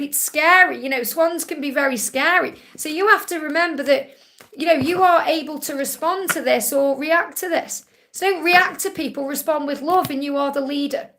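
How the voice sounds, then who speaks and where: A psychic reader from England with a Stoke-on-Trent accent gives a soothing, reassuring card reading on a live stream, calling her viewers honey. Her voice sits high and is fairly bright.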